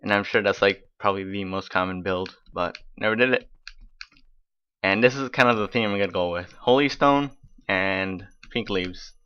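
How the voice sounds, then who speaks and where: A man's voice: low voice, normal speed, a bit bright, clear, resonant tone, lo-fi sound. A man giving casual, rambling gameplay commentary as host of his own let's play, talking in an offhand, chatty way.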